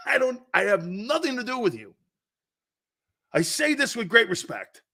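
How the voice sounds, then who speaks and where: Animated, bright-voiced sports talk man. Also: extremely high pitch, a little slow, gravelly. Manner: rambling, loud, laughs at his own jokes; calls out to an off-mic producer. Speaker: sports talk show host.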